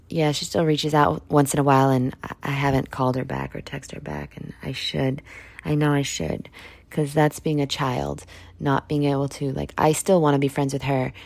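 Woman in her thirties, solo podcast host; deep voice, candid and profane, rambles casually. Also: a little mellow, dry recording. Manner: candid, blunt, rambling with fillers and swearing.

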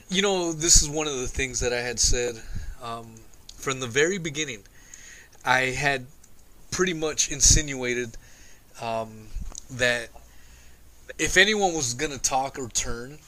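A man's voice: medium pitch, measured pace, pushed and bright, poor audio. A man hosting a casual call-in talk show, blunt and exasperated, who swears often. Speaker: host.

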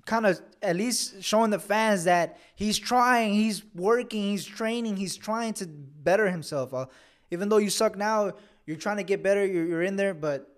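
A man's voice: high-pitched, normal speed. A man co-hosting a casual soccer podcast, blunt and slangy, calling people bro. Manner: blunt, says "bro" a lot. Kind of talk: casual sports chat.

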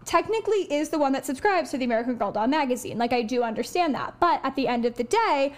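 A woman co-hosting a podcast in a high, bright voice. She talks animatedly and packs her sentences with filler words. The feel is casual and conversational. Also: quick pace. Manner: animated, lots of "like". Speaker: podcast co-host.

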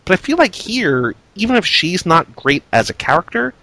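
A man's voice: sits high, big pitch swings, normal speed, bright, forceful tone, dry recording. A man co-hosting a film podcast, talking casually in a chatty, filler-heavy way.

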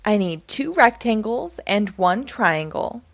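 A woman's voice: mid-range voice, big pitch swings, a little slow, vocal fry, dry recording. A woman reading as an eager cartoon boy. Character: eager cartoon boy who builds things.

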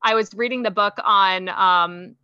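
A woman's voice: mid-range voice, steady tone, a little slow, clean tone, dry recording, lo-fi sound. A woman hosting a podcast interview, chatty and casual, with frequent ums and restarts. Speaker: podcast host.

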